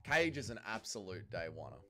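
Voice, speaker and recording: A man's voice: low-pitched, a little fast, soft background music. A man from Melbourne with an Australian accent, hosting a casual livestream and joking through viewer comments. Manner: joking, crude, lively banter with chat. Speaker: livestream host.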